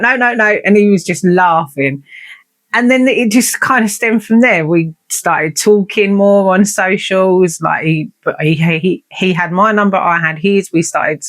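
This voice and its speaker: A woman's voice: fairly low pitch, a bit bright. A woman, hosting a podcast and telling a story in a blunt, sweary, chatty and self-mocking way. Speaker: podcast host. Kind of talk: casual storytelling monologue.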